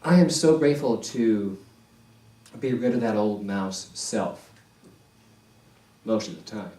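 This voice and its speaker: A male minister preaching a sermon in a slow, deliberate way, repeating key phrases for emphasis. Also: fairly low pitch, animated, dark tone. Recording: echoey church hall, distant mic.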